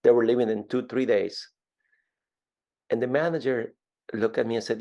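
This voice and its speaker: Here a fiftyish man from Ecuador, with his country's Spanish accent, tells his story animatedly in an interview, frequently repeating words. Pitch is medium, pace moderate, and the sound is lo-fi.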